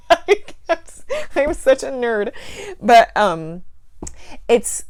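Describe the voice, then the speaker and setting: A woman's voice: on the high side, sing-song, slow pace, pauses often. A woman chatting casually in a plant vlog, giggling often and rambling through self-deprecating asides. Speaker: plant YouTuber.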